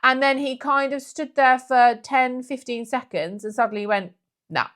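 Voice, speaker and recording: A woman co-hosting a countryside podcast, telling stories in a chatty, animated way. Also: high voice, moderate pace. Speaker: podcast co-host. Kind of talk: casual chat.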